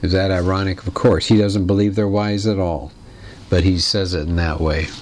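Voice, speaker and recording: A man teaching a lecture on literature in a conversational, explanatory way, putting questions to his listeners and clearing his throat now and then. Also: low-pitched, fairly even intonation, moderate pace, a little hiss or hum.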